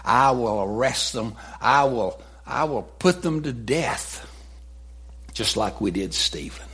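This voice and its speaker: A man's voice: medium pitch, lively intonation, slow, fairly bright tone, slightly rough, heavily acted. A man voicing a furious young male persecutor with urgent, stammering speech. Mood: determined rage.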